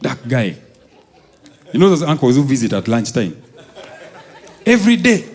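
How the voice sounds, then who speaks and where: A male stand-up comedian from Uganda tells school stories live on stage. He acts out the people in them, jumping up high for excited voices and sinking low and quiet for threats. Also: normal speed. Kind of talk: stand-up storytelling. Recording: live show with audience laughter.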